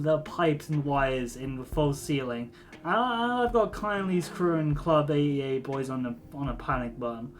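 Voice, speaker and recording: A man's voice: on the high side, lightly acted. A man voicing a raucous, hungover cyborg street doctor in his forties who boasts and jokes, stumbling over his words.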